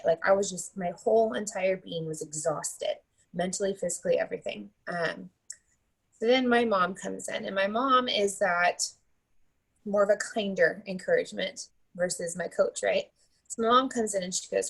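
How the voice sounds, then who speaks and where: Woman in her 30s giving a motivational talk, husky tone, conversational and chatty. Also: medium pitch, normal speed, poor audio. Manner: chatty, tags points with "right?" and "like". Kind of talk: motivational storytelling.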